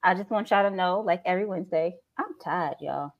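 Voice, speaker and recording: A woman co-hosting a podcast in casual chat, blunt and joking and quick to laugh. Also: on the low side, dry recording, dull audio. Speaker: podcast co-host.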